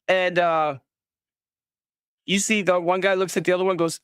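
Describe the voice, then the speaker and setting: Casual gm voice, lots of ums, dead dry sound, middle pitch. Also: fairly even intonation, fairly bright tone, clean tone, no echo. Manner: casual, halting with fillers, voices each character. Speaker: game master. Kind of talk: narrating a tabletop game.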